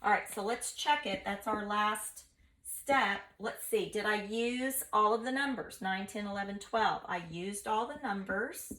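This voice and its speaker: A woman teacher walks viewers through a recorded math lesson. She talks in a lively, playful way and keeps it chatty. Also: mid-range voice, a little slow.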